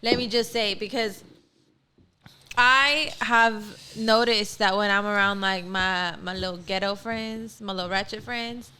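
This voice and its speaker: A woman's voice: medium pitch, steady tone, a little slow, bright, forceful tone, a little hiss or hum. A woman co-hosting a casual chat show, talking freely and slipping between English and Spanish. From Texas. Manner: chatty, mixes English and Spanish. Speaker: co-host.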